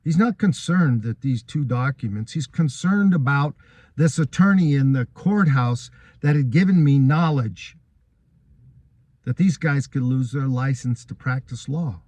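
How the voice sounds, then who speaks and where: A man's voice: medium pitch, expressive, a little slow, darkish tone, no room sound. A man giving a first-person account of his court case, earnest and aggrieved, telling what happened step by step.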